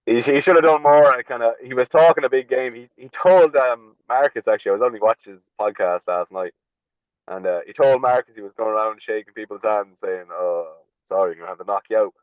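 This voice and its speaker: A man's voice: medium pitch, fairly quick, clean tone, no room sound. An Irish man, a podcast guest, telling stories in a casual, blunt way, swearing freely and chuckling as he goes. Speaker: podcast guest, slap fighter. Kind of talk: casual storytelling chat. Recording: tinny phone-like line, dry.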